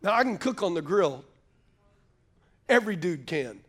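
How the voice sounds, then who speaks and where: In a church sanctuary, a male preacher with a high, very animated voice and a fairly bright tone addresses a live congregation at normal speed. His call-and-response style invites the crowd to answer, and he cracks jokes between points.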